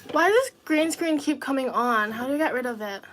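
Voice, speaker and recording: A woman talks casually to her viewers in quick, giggly bursts. Her voice sits a little high, and a faint noise runs under the recording. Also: expressive, a bit bright. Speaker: livestreamer. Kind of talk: casual livestream chat.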